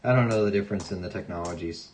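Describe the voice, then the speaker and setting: Young male stream host, low-pitched; relaxed, jokey, murmurs dates while sorting. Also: racing, a little hiss or hum, rough recording. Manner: mutters coin dates softly, chatty asides to viewers. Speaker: coin collecting livestream host. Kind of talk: casual live chat.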